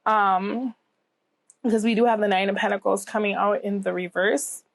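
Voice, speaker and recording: A woman's voice: mid-range voice, steady tone, moderate pace, vocal fry, no echo. A woman giving a casual tarot reading to camera, a bit scratchy and nasal from a cold she is getting over, reassuring and often checking in with "okay?". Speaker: tarot reader.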